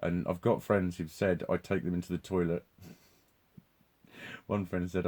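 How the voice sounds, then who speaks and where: Male vlogger with a deep, warm voice, loose and profane, breaks into laughs. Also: flat delivery, moderate pace. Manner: swears constantly, laughs often, restarts sentences. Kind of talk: rambling live monologue.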